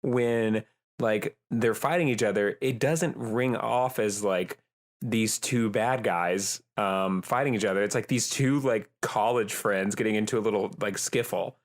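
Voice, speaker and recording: A man's voice: lowish voice, unhurried. A young man co-hosting a podcast in casual chat, rambling with many fillers and restarts. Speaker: podcast co-host.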